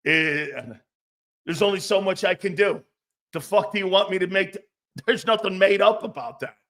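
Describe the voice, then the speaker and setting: A middle-aged man hosts a sports talk show with a fairly high voice. He talks bluntly and swears freely. He rants, reads out comments and mocks others. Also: moderate pace, fairly bright tone. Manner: blunt, profane, mocking put-on voices.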